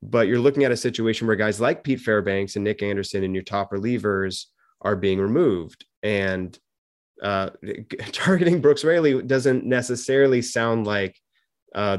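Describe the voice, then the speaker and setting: A podcast host with a voice on the low side runs a casual interview at normal speed. He rambles, uses plenty of fillers and drops little jokes.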